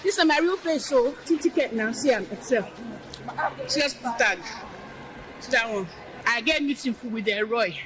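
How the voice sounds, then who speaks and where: Man declaring prayers, very high bright voice, faint noise. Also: animated, moderate pace, poor audio. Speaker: conference attendee.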